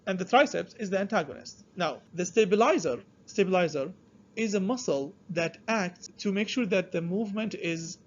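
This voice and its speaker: High-voiced man lecturing, halting and questioning. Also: lo-fi sound. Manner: halting, restarts sentences, checks understanding often. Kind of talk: classroom lecture.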